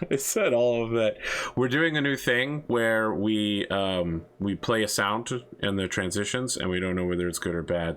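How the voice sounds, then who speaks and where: A man's voice: sits low, a bit bright. A man hosting a tabletop game show, chatting casually and offhand. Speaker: host. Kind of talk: casual chat.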